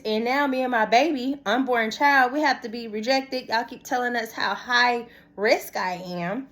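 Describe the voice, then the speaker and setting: Young woman, lilt, pitched a bit high; expressive casual vlogger talking straight to viewers. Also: measured pace, few pauses. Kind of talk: casual storytime monologue.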